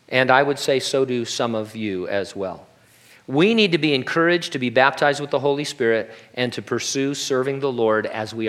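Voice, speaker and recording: A pastor preaching a sermon in a conversational way, with jokey asides. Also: male voice, medium pitch, fairly bright tone.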